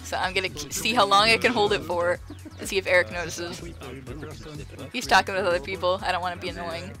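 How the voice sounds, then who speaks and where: A woman giggling and chatting excitedly to herself while playing in virtual reality, sometimes sinking to a whisper. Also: fairly low pitch, quick pace, over music. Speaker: VRChat streamer. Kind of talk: casual vlog commentary. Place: playing in a VR social app at home.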